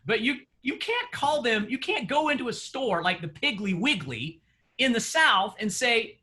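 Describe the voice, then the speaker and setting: High bright-voiced male coach, chatty, laughs a lot, quizzes the class. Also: big pitch swings, moderate pace. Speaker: real estate coach. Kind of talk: online coaching session.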